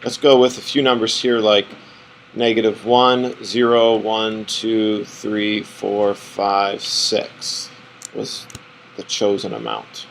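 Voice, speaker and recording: A man with a somewhat low, gravelly voice teaching a math class. He talks casually and rambles, correcting himself as he works through graphs on the board. A faint hiss of background noise sits under the recording. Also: takes it slowly, fairly bright tone, low-quality recording. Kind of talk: classroom lecture.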